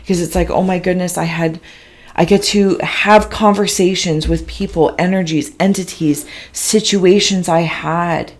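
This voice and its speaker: A woman giving a slow, halting spiritual reading, describing visions in a soft, emotional, dreamy way. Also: on the low side, steady tone. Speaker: intuitive reader.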